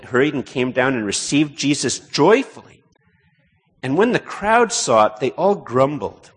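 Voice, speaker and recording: A man preaching a conversational sermon as a pastor, turning animated when he quotes. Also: medium pitch, husky, in a large hall.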